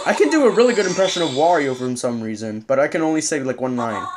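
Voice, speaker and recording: A young gamer chats loosely over gameplay, trailing off and restarting thoughts. The voice sits lowish but swings around a lot. Game music runs steadily behind. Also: female voice, lively intonation, fast, few pauses. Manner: rambling, hesitant, many fillers. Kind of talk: casual let's-play commentary.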